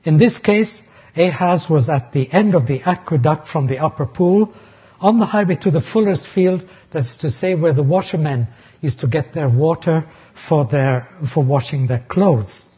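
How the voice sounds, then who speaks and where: A man's voice: fairly high pitch, moderate pace, mellow, husky. A man preaching a sermon, earnestly explaining terms and sometimes restarting phrases. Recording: dull lo-fi recording.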